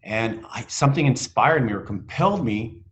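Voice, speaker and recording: Middle-aged man, interview guest on a video call; earnest, halting storyteller, mid-pitched. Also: animated. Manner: halting, many restarts and fillers, earnest.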